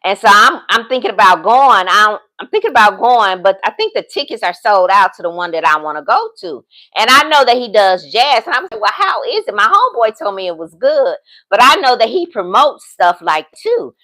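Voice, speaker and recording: A bright, high-voiced woman in her fifties chats straight to her viewers like a friend. Her pitch leaps and swoops as she tells a story and acts out both sides of a phone call. It is casual storytelling with a lot of life in it. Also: sing-song, fairly quick, few pauses. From United States. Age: 50s. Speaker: vlogger.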